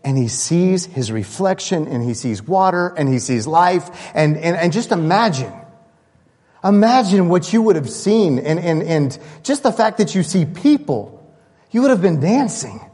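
A man pastor preaching a sermon, lively and building with excitement, often restarting his sentences. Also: a little high, a little slow, long reverb tail.

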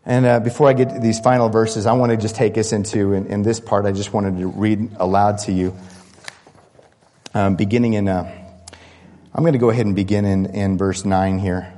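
A man pastor preaching a sermon, lively and building with excitement, often restarting his sentences. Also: fairly low pitch, moderate pace, long reverb tail.

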